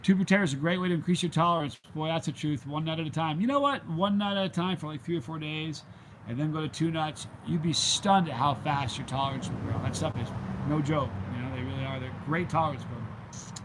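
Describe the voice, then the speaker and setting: A man's voice: a little high, brisk, background noise. A middle-aged man hosting a casual vlog chat and telling a rambling story, with plenty of ums along the way. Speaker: vlog host. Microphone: handheld gimbal camera.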